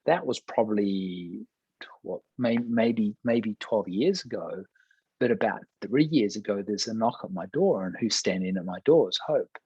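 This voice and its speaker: A pastor telling a personal testimony in conversation, earnest and acting out quoted dialogue. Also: male voice, lowish voice, expressive, a little slow, a little mellow, husky, dry recording, highs cut off.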